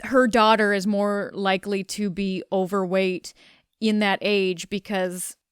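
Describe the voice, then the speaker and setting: A woman's voice: medium pitch, little pitch movement, measured pace, clean tone, dry recording, studio quality. A woman co-hosting a horror film podcast in casual chat. She laughs often and swears casually. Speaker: podcast co-host.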